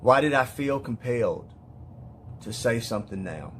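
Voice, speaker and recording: A man speaking as a father in an emotional personal monologue, weary and heartfelt, halting with repeated words and restarts. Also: mid-range voice, lively intonation, fairly bright tone, slight background noise. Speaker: father speaking to other parents.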